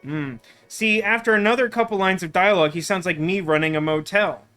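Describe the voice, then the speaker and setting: A man's voice: sits high, fairly quick, sharp tone, clear, resonant tone, soft background music. A man hosting a let's play, chatting casually and rambling with lots of fillers while he plays. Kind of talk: casual gameplay commentary.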